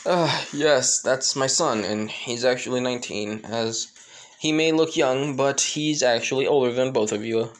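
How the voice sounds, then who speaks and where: A man's voice: mid-range voice, unhurried, natural voice. A man voicing a genial ruler and father in a fan story reading, near his own voice. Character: amused ruler, a grown son's father.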